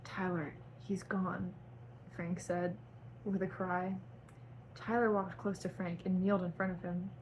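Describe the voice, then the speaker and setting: A woman's voice: on the low side, level tone, normal speed, darkish tone, dull audio, a little hiss or hum. A young woman reading her own fan fiction aloud in a melodramatic voice, stopping to cringe at the writing. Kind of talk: dramatic reading with asides.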